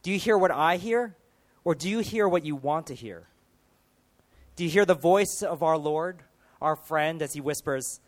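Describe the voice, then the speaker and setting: Emphatic preacher with a higher voice. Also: male voice, normal speed. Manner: emphatic, rising and falling rhetorical questions. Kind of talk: sermon.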